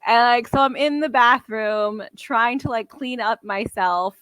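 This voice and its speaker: A young woman with a bright, fairly high voice, co-hosting a casual podcast. She rambles through her stories, fills them with "like" and laughs her way along. The mic is close and dry. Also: unhurried, clean tone, no echo. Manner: rambling storyteller, lots of "like", laughs often. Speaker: podcast co-host. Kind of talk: casual chat.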